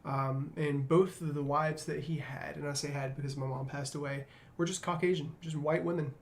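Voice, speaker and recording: A man's voice: on the high side, fairly even intonation, moderate pace, slight background noise. A man hosting a casual discussion, reflective and storytelling, with frequent fillers. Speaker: podcast host.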